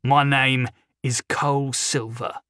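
A man's voice: mid-range voice, flat delivery, slow, bright, forceful tone, clean tone, dry recording, studio quality. A man voicing a hot-tempered, gloating young male crime lord who blusters angrily in a storybook reading. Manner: blustering, angry.

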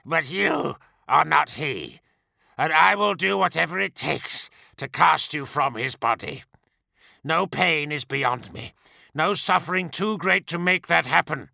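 A man's voice: a little high, lively intonation, measured pace, creaky, pushed and bright, dry recording, studio quality, pitched above the performer's own voice, heavily acted. A man voicing a hard-bitten male warrior, zealous and grim. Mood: fierce.

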